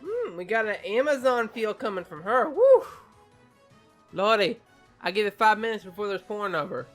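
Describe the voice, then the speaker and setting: A gaming YouTuber who just woke up gives an excitable, swearing reaction to a game trailer and stumbles over new names. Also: medium pitch, fairly quick, soft background music. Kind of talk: casual reaction commentary.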